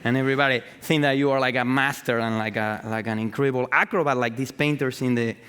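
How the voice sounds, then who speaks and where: An artist gives a live talk about his art, excitable and swearing freely, with lots of fillers, false starts and repeated words. He speaks fast at a middle pitch in a clean tone, with long reverb from a large event hall.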